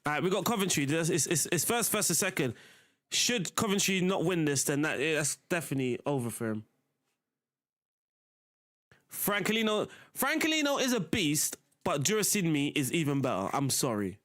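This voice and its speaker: A man's voice: a little high, expressive, a little fast, a bit bright. A young man live-streaming a football management game, chatting casually to his viewers as he plays. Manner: chatty, talks to chat while playing.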